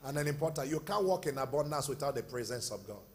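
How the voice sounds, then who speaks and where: A man preaching a sermon as pastor, swinging between loud shouted bursts and quieter, slower passages. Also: mid-range voice, lively intonation, a little hiss or hum.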